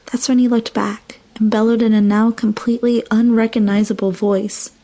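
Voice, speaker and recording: A woman's voice: fairly high pitch, flat delivery, normal speed, mellow. A young woman narrating a first-person horror story with dramatic, emotional delivery.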